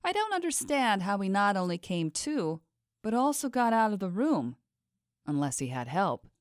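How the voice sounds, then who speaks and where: A woman voicing a cold, suspicious and manipulative mistress in an audiobook, speaking in a smooth, probing tone. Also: medium pitch, big pitch swings, moderate pace, no room sound, studio quality, lightly acted. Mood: coldly probing. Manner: smooth, probing, quietly menacing. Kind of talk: audiobook character voice.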